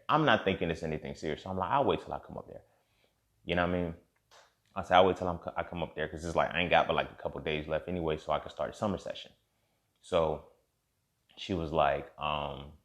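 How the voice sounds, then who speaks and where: Deep-voiced man telling a story. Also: fairly bright tone. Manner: candid and profane, reenacting dialogue, heated in spots. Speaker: podcast host telling a personal story. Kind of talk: casual storytelling monologue.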